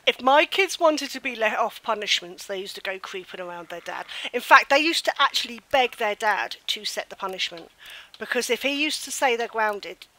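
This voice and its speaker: An older British woman telling family stories in casual chat on a live gaming stream, animated and laughing often. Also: a little high, normal speed, low-quality recording. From United Kingdom.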